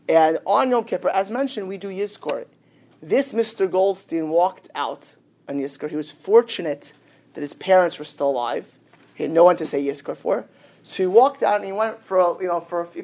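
A man, a rabbi, giving a sermon and telling a story, acting out the characters' dialogue. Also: high-pitched. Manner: animated storyteller, acts out the dialogue.

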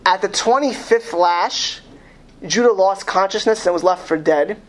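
A woman telling a dramatic true story, with frequent stumbles and restarts as she goes. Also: lowish voice. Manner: dramatic, stumbling restarts, pauses to ask words.

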